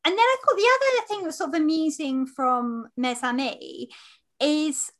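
A woman's voice: high-pitched, very animated, normal speed. A woman co-hosting a podcast in casual chat, bubbly and laughing between phrases. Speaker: podcast co-host.

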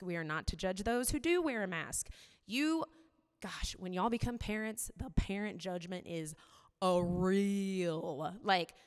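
A woman's voice: mid-range voice, clear, resonant tone. Woman preaching in a reverberant hall. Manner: conversational, candid, many "like" fillers. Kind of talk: sermon.

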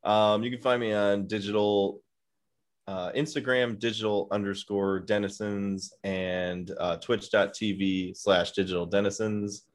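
A man guesting on a podcast, giving short reactions and a slightly halting plug in casual chat. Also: lowish voice, fairly even intonation. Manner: brief reactions, a bit hesitant.

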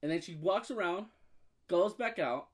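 Animated young man telling a story. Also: sits high, normal speed. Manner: animated storytelling, acts out voices, swears. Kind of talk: casual chat.

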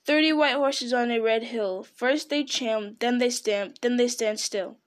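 A woman's voice: a little high, measured pace, close to an everyday voice. Woman doing a plain-spoken male hobbit. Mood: riddling. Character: small male hobbit, clever and practical. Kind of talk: storybook read-aloud.

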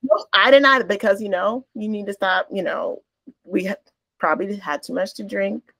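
A woman's voice: mid-range voice, moderate pace, fairly bright tone, dry recording. A woman co-hosting a podcast, telling stories bluntly and candidly in casual chat. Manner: blunt, candid storytelling with swearing. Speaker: podcast co-host.

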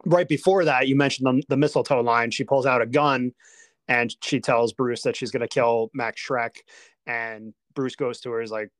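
A man's voice: mid-range voice, moderate pace, dry recording. Chatty man recapping film scenes, dry sound. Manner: chatty, animated retelling of scenes. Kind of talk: casual film discussion.

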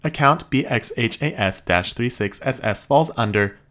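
A woman's voice: extremely low pitch, lively intonation, moderate pace, fairly bright tone, pitched above the performer's own voice. A man voicing a prim female security robot that speaks in stiff, formal customer-service phrases. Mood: politely robotic. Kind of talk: audiobook character voice.

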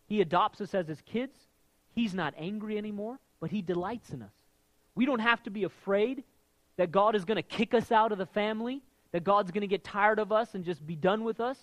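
A man's voice: high voice, a little fast, fairly bright tone, dry recording, rough recording. A man preaching a sermon in a conversational way, often restarting and checking in with "right?" as he teaches. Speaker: pastor.

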